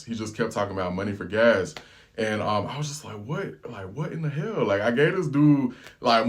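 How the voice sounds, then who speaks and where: A man telling a casual story as a travel vlogger, animated and full of slang. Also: on the low side.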